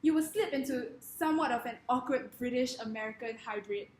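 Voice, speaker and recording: A little fast and fairly high in pitch, a young Singaporean-accented woman gives a humorous talk in an echoey room, with a bit of hiss or hum present. Her tone is playful and mock-grandiose, and she laughs between lines.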